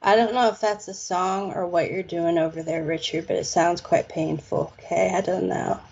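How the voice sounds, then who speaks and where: A woman's voice: lowish voice, steady tone, normal speed, vocal fry, a little mellow, breathy edge, dull audio. A woman doing a casual live palm reading, chatty and playful with slangy phrases. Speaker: psychic palm reader.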